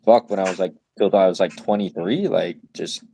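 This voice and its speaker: A man's voice: low-pitched, normal speed, creaky, mellow, a little hiss or hum. A man in his twenties co-hosting a podcast, telling stories in casual slangy chat and laughing often. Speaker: podcast co-host.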